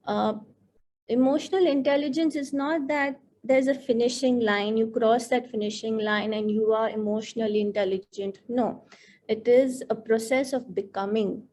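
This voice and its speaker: A woman's voice: fairly high pitch, fairly even intonation, moderate pace, dark tone. A woman counselor, leading a workshop for teachers in an earnest, reflective way and dwelling on key words. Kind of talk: workshop talk to participants.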